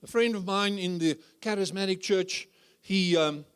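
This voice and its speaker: A man's voice: sits high, a little slow, fairly bright tone, clean tone. A man preaching as a guest speaker at a church conference, humorous and full of rhetorical questions. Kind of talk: conference sermon.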